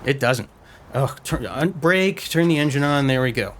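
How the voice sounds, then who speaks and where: A man's voice: mid-range voice, animated, normal speed, a little hiss or hum. A man giving rambling, self-mocking commentary over a game he plays at home, often stumbling over his words. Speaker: let's-play gamer. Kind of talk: casual gameplay commentary. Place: messy room at home. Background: loud car and game sounds.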